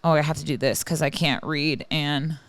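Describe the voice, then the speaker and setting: A woman's voice: low-pitched, steady tone, normal speed, no echo. A young woman chatting as a podcast guest, candid and rambling, poking fun at herself. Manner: candid, rambling, self-deprecating. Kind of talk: casual podcast chat.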